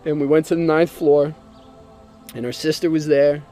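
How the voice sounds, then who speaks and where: A man's voice: on the high side, flat delivery, moderate pace, mellow, faint music behind. A man earnestly and emotionally telling his personal testimony, sometimes repeating himself as he speaks.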